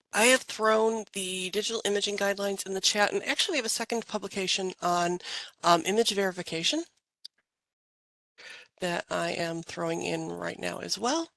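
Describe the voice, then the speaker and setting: A woman's voice: mid-range voice, creaky, a bit bright, no echo, low-quality recording. A woman moderating an online question-and-answer webinar, upbeat and organized, speaking into a computer mic on a video call.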